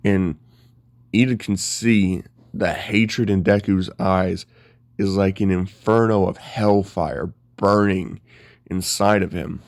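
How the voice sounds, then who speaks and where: Low-voiced man casually retelling a story. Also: steady tone, slow, no room sound, clean studio sound. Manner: casual, rambling, filler-heavy.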